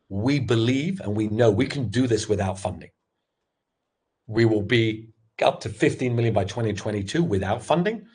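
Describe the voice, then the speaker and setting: Animated husky-voiced middle-aged man. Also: fairly low pitch. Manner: animated, candid storytelling with frequent restarts. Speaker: sales expert and former startup founder. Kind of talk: webinar talk.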